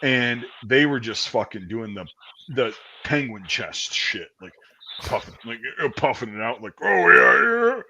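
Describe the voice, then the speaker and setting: A man's voice: medium pitch, measured pace, breathy edge. A man hosting a stream, telling stories in a casual, profane, rambling way. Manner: profane, rambling, animated storytelling. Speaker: stream host. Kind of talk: casual storytelling chat.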